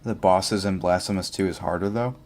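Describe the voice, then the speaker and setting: Deep-voiced young man rambling over gameplay. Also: steady tone, a little fast. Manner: rambling, filler-heavy, thinking aloud. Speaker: livestreamer. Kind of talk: casual gameplay commentary.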